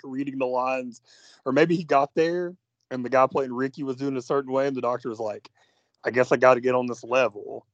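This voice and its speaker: A man's voice: mid-range voice, dry recording. A man co-hosting a movie podcast, ranting with lots of likes and swearing in a casual chat. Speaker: podcast co-host. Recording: dull lo-fi sound.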